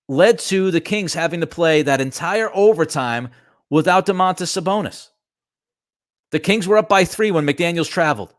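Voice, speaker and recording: Fired-up male sports talk host with a fairly high voice, recorded dry and close. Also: normal speed, no room sound. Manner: animated, emphatic, ranting. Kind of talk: solo sports talk commentary.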